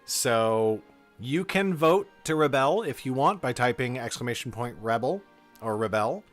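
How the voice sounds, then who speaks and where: A relaxed man hosting a live game stream, reading rules aloud and chatting with viewers in a mid-pitched voice. Quiet music plays faintly in the background. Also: measured pace. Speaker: streamer running a game for chat. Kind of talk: casual live-stream narration.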